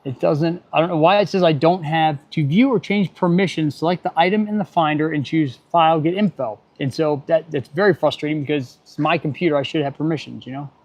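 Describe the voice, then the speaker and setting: Over dull, lo-fi stream audio, a middle-aged automotive technician chats while he works. His slightly high, darkish voice moves a little fast with few pauses. He mutters, gets irritated, and drops dry jokes.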